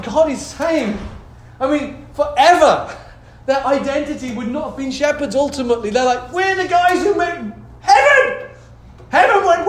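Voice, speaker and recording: A man preaching a sermon as pastor, animated, swinging from hushed tones to loud exclaiming and calling for hallelujahs. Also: very high voice, slight background noise. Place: church hall. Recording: echoey hall, faint ambience.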